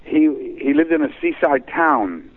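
A man's voice: on the high side, sing-song, unhurried. A man from England, a guest chatting in a radio interview, rambling and hesitant as he tells stories. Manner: rambling, hesitant, warm storyteller. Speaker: guest performer. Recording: tinny phone line.

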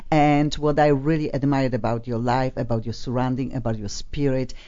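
Chatty low-voiced woman radio host with an accent. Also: fairly even intonation, moderate pace, dark tone, highs cut off. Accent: foreign accent in English. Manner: chatty and effusive, laughs often. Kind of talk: casual radio talk show.

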